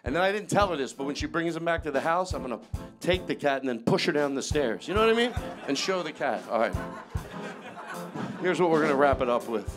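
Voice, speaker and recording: A man performing a live stand-up comedy set, loud and animated, chatting with the audience and the band. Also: on the high side, quick pace. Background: band music and audience laughter.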